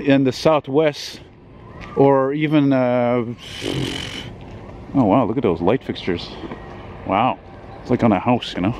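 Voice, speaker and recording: A man strolls a city street, filming himself on a handheld camera and chatting in a loose, rambling way, swearing casually and padding his talk with fillers. His voice sits at an ordinary middle pitch. Faint traffic hums in the background. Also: darkish tone, highs cut off. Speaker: vlogger. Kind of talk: casual walking vlog.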